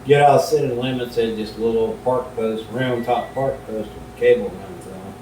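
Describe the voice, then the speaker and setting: A middle-aged man, a vlogger, telling folksy stories in a laid-back, unhurried way while he cooks at home, away from the camera. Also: dark tone. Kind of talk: casual storytelling while cooking. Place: home kitchen. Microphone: camera left far from the speaker. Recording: roomy and distant, faint rumble.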